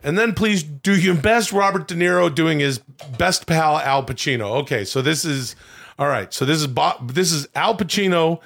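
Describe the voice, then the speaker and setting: Rambling, gravelly comedy podcast man. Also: fairly high pitch, moderate pace, fairly bright tone. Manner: rambling, fumbling names, self-interrupting. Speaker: podcast co-host. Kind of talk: casual comedy chat.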